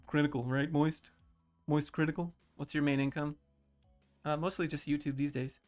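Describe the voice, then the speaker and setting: A man in his thirties on a casual livestream, reading chat questions aloud and answering them in a low-key, mellow way. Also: little pitch movement, moderate pace, faint music behind. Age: 30s.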